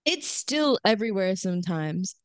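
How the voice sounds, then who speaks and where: Smooth-voiced woman podcast co-host. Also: medium pitch, normal speed, dry recording. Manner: animated, acts out quoted lines. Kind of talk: casual chat.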